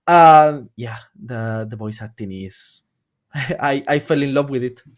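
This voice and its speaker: A man speaking as a guest on a podcast, halting and often repeating his words. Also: mid-range voice. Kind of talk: casual chat.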